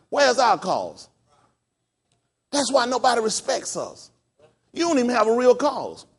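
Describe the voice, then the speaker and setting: A pastor in full sermon mode, a man whose voice sits high and swings widely up and down. He preaches emphatically and keeps firing questions at his congregation. The sermon comes from a house of worship.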